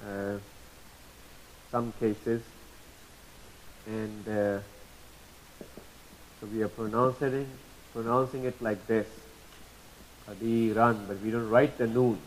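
A man teaching a lesson, patiently spelling out terms, repeating examples slowly and asking checking questions. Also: medium pitch, a little hiss or hum, low-quality recording. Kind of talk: explanatory lesson.

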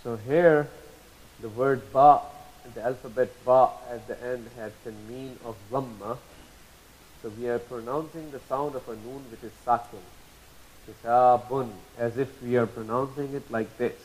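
A man teaching a lesson, patiently spelling out terms, repeating examples slowly and asking checking questions. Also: medium pitch, steady tone, darkish tone, low-quality recording. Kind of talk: explanatory lesson.

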